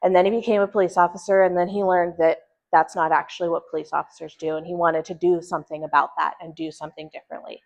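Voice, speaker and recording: A woman speaks to a church group in a lowish voice, earnest and thoughtful, pausing and restarting as she reflects. The recording is dull and lo-fi, with the top end rolled off. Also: little pitch movement, gravelly. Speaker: church presenter.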